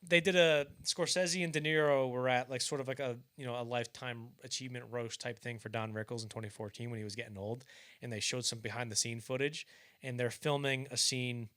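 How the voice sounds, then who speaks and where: A young man hosting a podcast, casually telling anecdotes and acting out quoted lines with bursts of energy. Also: brisk. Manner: animated storyteller, acts out quoted lines loudly and higher; casual and profane, frequent restarts. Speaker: podcast host.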